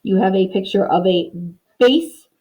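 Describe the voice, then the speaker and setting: A woman's voice: medium pitch, mellow, low-quality recording. Upbeat woman teaching young children. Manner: upbeat and encouraging, slow and clear when modeling words. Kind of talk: remote reading lesson for young children.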